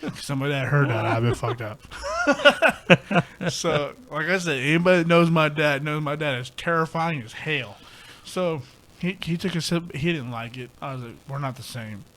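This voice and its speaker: A man's voice: on the high side, animated, normal speed, fairly bright tone. A young man co-hosting a podcast, telling a rambling, profane story in casual chat. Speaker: podcast co-host.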